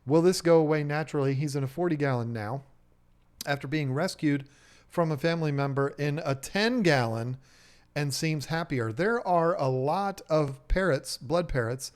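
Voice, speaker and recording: A man co-hosting a live stream about aquarium fish, reading viewer messages and rambling through jokes and stories in an excitable, chatty way. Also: on the high side, a little slow. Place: fish shop owner's live stream setup.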